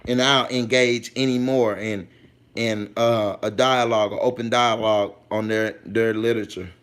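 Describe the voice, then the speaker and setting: A man's voice: lowish voice, fairly even intonation, normal speed, a bit bright. A man hosting a casual livestream, reading out chat comments and talking straight to viewers in a loose, slangy way, repeating points for emphasis.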